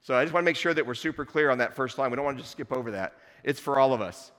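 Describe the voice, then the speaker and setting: A man's voice: medium pitch, rapid-fire, few pauses, fairly bright tone. Man preaching in a reverberant church. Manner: conversational, playful asides to the congregation. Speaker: pastor. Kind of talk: sermon. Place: church sanctuary.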